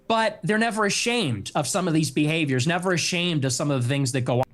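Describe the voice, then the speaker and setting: Casting note: indignant, insistent man from Chicago, notably high pitch, clip from a broadcast argument. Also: expressive, a little fast, fairly bright tone. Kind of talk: heated on-air argument.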